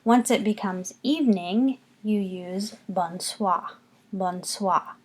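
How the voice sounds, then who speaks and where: Patient teacher voice, woman, unhurried classroom delivery with lots of repetition. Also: mid-range voice. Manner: patient, slow, repeats words for students to copy. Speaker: French teacher. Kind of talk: recorded classroom lesson.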